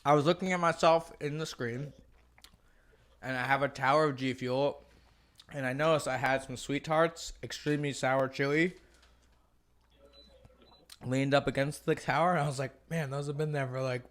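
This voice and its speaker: A man's voice: medium pitch, steady tone, normal speed, pauses often, a bit bright. A man co-hosting a podcast, joking and teasing with casual swearing. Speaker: podcast co-host.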